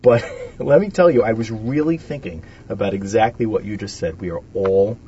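Man, radio talk host, low voice, conversational, dull lo-fi sound, light background hiss. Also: moderate pace, dark tone. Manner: conversational, reads statements aloud with fillers.

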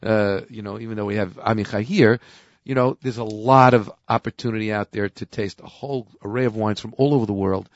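A man's voice: on the low side, steady tone, brisk, no room sound, muffled recording. A man hosting a casual wine talk show, explaining wines in a talkative way and often repeating his words. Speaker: host, wine expert. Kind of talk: casual chat.

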